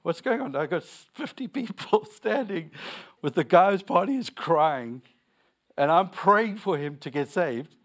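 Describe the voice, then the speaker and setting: Emphatic young man preaching, higher voice. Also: lively intonation, a little slow, fairly bright tone. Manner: repeats lines for emphasis, tells stories with laughter. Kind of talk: sermon.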